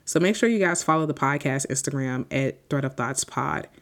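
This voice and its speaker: A woman's voice: a bass voice, normal speed. A woman in her twenties hosting a solo podcast, talking off the cuff in a rambling, heartfelt and grateful way. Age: 20s. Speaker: podcast host. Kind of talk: unscripted solo podcast reflection.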